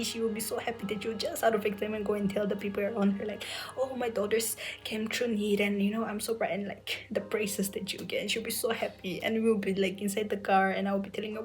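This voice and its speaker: A young woman telling an emotional personal story, softly and often near a whisper, tearful at times, with many fillers. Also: mid-range voice, low-quality recording. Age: young adult. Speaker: medical entrance exam aspirant sharing her story.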